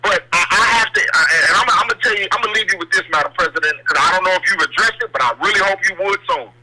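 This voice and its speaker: A man's voice: sits high, very fast, a loud crowd. A man calling in to a talk show, speaking with passion and tripping over repeated words. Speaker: caller. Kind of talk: call-in radio talk. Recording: noisy call-in line.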